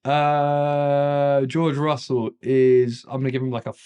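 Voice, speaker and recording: A man co-hosting a podcast, chatting casually, laughing often and agreeing quickly. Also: medium pitch, flat delivery, warm tone, clean tone. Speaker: podcast co-host. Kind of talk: casual chat.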